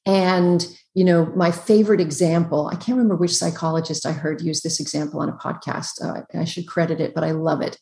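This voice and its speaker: A woman psychologist giving relationship advice as a podcast guest over a video call, emphatic and explanatory, running through quick lists. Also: deep voice, fairly even intonation, vocal fry, mellow, reverberant. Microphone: computer on a video call.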